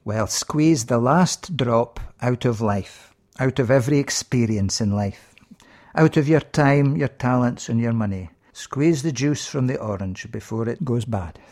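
Scottish man, minister, radio host, jovial, punning, mid-pitched voice. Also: measured pace. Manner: jovial, punning, lively delivery. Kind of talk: humorous radio talk with jokes.

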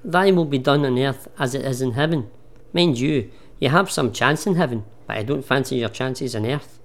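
A man's voice: mid-range voice, normal speed, natural voice. A man playing a doubting, cheeky disciple in a comic church sketch. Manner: hesitant, cheeky. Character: doubtful grown male disciple. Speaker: radio station manager.

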